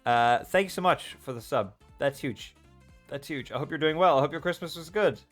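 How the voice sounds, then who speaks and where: A man's voice: a little high, moderate pace, a bit bright, faint music behind. A young man hosting a livestream, chatting casually with viewers and reading their comments aloud with a playful, joking manner. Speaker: livestream host. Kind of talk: casual chat with live viewers.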